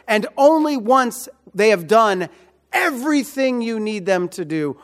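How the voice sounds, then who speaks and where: A man preaching in a high, light voice. He speaks slowly and deliberately, repeating key phrases and pressing his listeners with rhetorical questions. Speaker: pastor. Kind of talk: sermon.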